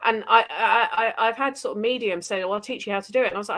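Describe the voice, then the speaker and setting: An English woman, a paranormal investigator, telling animated stories in casual conversation over a video call. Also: medium pitch, fast. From England. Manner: chatty, animated anecdotes. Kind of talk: casual storytelling.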